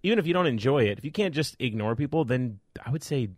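A man's voice: mid-range voice, expressive, fast, no room sound, clean studio sound. A man co-hosting a podcast, blunt and profane, working out his thoughts on the spot. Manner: blunt, profane, thinks aloud. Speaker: podcast co-host. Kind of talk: casual panel chat.

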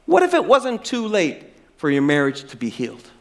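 A man preaching a sermon as pastor, swinging from emphatic, raised lines to soft, drawn-out words, then leading a prayer. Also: on the high side, huge pitch swings.

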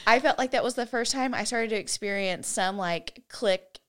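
A woman's voice: on the high side, moderate pace, fairly bright tone, clear, resonant tone. A woman in her forties co-hosting a podcast, chatting casually and laughing often. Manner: giggly, chatty, quotes movie lines in put-on voices. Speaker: podcast co-host. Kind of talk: casual chat.

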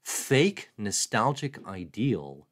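Lively low-voiced man hosting a livestream. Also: drawn-out words. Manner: joking, self-mocking, reads viewer questions aloud. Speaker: comics livestream host. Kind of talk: casual livestream commentary.

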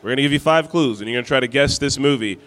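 A man's voice: medium pitch, rapid-fire, a bit bright. A man co-hosting a live game on a convention stage, easygoing and joking, calling out to people in the room. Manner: easygoing, joking, calls out to the crowd. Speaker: guest co-host.

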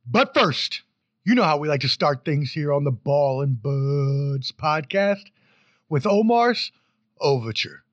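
A man's voice: a little high, big pitch swings, slow pace, dry recording, highs cut off. A man hosting a podcast, introducing the show in a playful, hyped, rambling way. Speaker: podcast host.

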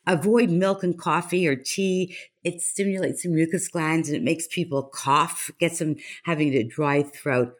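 A woman's voice: sits low, unhurried. A woman presence coach in an interview, talking in an assured, advice-giving way and laughing easily. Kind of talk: conversational interview.

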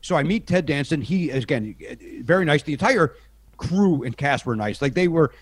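A man's voice: on the high side, lively intonation, normal speed, slightly rough, no room sound. Dry-sounding man telling rambling stories. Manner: rambling, self-deprecating, full of restarts. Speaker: podcast guest. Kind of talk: casual anecdotal storytelling.

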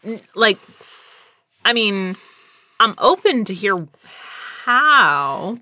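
A young adult woman, a guest in a casual chat, telling animated stories and laughing often. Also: medium pitch, drawn-out words.

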